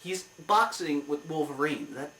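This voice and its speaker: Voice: medium pitch, normal speed, fairly bright tone, distant mic. A comic review show host rants through a movie review, heated and exasperated. The voice sits back from the mic in a roomy, echoing space.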